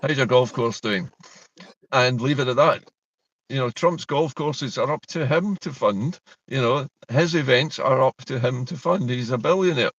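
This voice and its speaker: A Scottish man co-hosting a political discussion, talking in an animated, indignant way. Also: mid-range voice, normal speed, no echo. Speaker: co-host. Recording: dull distant dry mic.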